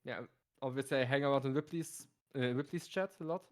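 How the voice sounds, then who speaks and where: A man's voice: mid-range voice, brisk. A man from Germany, a guest in a casual chat, talking hesitantly with stammers and restarts. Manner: hesitant, self-conscious, stammers.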